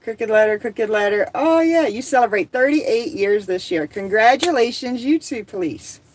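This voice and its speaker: A woman's voice: fairly high pitch, animated, normal speed, no echo, poor audio. A middle-aged woman from the American South with a Southern accent, hosting a casual livestream, chatting, reading viewer comments aloud and laughing easily. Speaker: livestream host.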